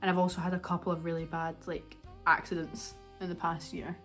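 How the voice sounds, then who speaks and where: A woman's voice: lowish voice, little pitch movement, brisk, a bit bright, faint music behind. A young woman chatting casually at home for her vlog, rambling and self-mocking as she laughs her way through a story. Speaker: vlogger.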